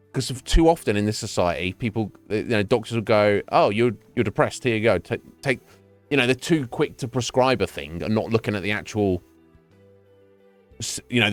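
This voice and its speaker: A man's voice: lowish voice, big pitch swings, normal speed, soft background music. A man livestreaming a game from home, ranting in casual chat, swearing freely, repeating words and laughing often. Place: home streaming setup.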